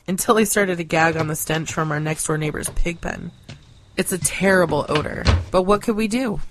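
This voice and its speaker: Deadpan woman reading a story. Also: on the low side, a little hiss or hum. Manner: deadpan, sardonic delivery. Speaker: narrator.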